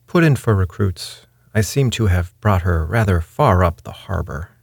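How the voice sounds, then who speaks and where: A man voicing a composed pirate captain who speaks in a polished gentleman's manner. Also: low-pitched, animated, normal speed, vocal fry, slightly rough, dry recording, clean studio sound, exaggerated voice. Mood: cool, courtly. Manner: polished gentleman's speech, unflustered. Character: cool, genteel male pirate captain.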